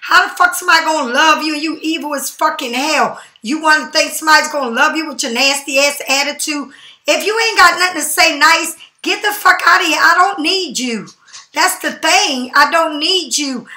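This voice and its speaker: High-voiced woman reader going off on commenters, swears a lot, aave, echoey room. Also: pushed and bright. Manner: profane, confrontational, slow emphatic stresses. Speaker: tarot reader. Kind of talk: angry rant to camera. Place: home.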